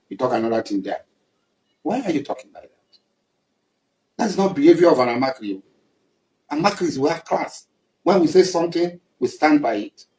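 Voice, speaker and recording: A man's voice: on the high side, a little mellow. A man with a Nigerian accent, making an impassioned public address, accusing and emphatic, repeating his points. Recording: echoey room.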